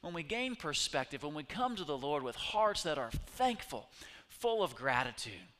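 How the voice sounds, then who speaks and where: Bright, forceful preacher in a reverberant hall. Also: male voice, on the high side, very animated, moderate pace. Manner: swings from hushed whispers to loud, urgent bursts. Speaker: pastor. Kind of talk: sermon.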